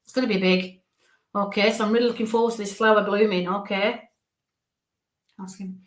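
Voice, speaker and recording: A woman's voice: medium pitch, steady tone. Chatty woman medium, echoey room. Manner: warm, affectionate, talks in quick asides. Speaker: psychic medium giving live readings. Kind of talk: live-streamed reading, chatty and reassuring.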